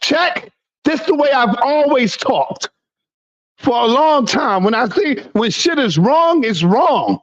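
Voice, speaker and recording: A man's voice: very high voice, expressive, takes it slowly. A man lecturing a group in a heated, profane rant during a panel debate. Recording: dull lo-fi sound.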